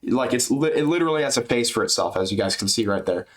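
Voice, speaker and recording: A man's voice: mid-range voice, lively intonation, fast. Chatty, swearing man recapping fights. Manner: loose and chatty, swears, says man and dude. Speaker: MMA YouTuber. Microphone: webcam.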